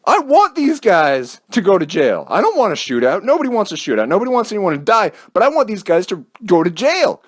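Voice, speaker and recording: A man's voice: sits high, huge pitch swings, brisk, few pauses. A young man giving casual, heated commentary in a sarcastic, ranting manner. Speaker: vlogger.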